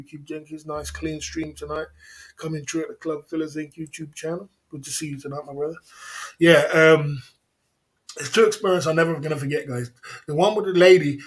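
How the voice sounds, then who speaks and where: A man hosting a casual livestream, telling stories in a chatty way, laughing often and giving shout-outs to viewers. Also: a little high. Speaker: livestream host.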